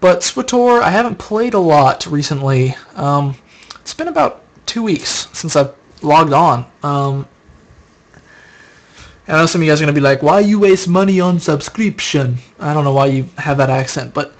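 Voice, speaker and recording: A tired young man rambles casually during a late-night live stream, answering viewer questions from chat aloud. His voice is on the high side and expressive, at a normal speed.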